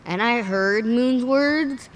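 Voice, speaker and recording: A woman hosts a livestream, her voice a little high and slow, with a faint hiss or hum in the audio. She speaks earnestly and seems close to tears, giving emotional commentary.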